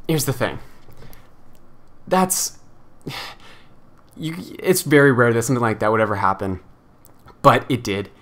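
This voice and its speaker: A man's voice: fairly low pitch, fairly bright tone. A young man casually answering viewer questions in a frank, rambling way, with lots of filler words. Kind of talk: casual Q&A vlog chat.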